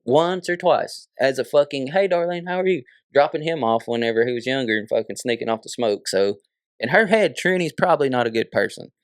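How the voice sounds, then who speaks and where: Animated young man telling a wild story. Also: mid-range voice, brisk, no room sound, studio quality. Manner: animated, laughing, heavy swearing. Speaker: podcast guest. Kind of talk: casual storytelling.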